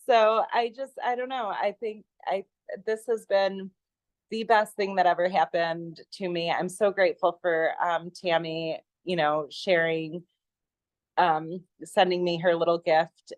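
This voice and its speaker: A woman's voice: on the low side, flat delivery, a little slow, no room sound. A woman chatting on a video call, enthusiastic and rambling with many fillers. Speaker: guest sharing her product story. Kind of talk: casual chat on a video call.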